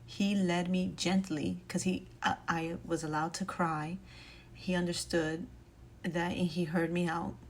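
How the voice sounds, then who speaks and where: A woman's voice: fairly low pitch, creaky, a little hiss or hum. Earnest woman telling her testimony. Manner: earnest, emotional, with many fillers and restarts. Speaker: single mom sharing a faith testimony. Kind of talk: casual personal testimony.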